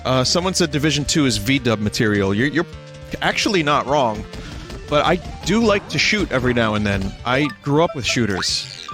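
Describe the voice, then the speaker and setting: A man's voice: mid-range voice, very animated, normal speed. A man streaming a video game, chatting casually in a rambling, self-deprecating way. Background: game music.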